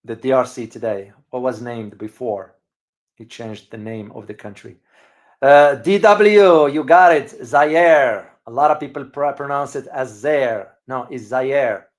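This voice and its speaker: A man's voice: mid-range voice, a little slow. Emphatic man hosting a live stream. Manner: emphatic, repeats words for stress, many hesitations. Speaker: channel host and geopolitical commentator. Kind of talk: casual live-stream commentary to viewers.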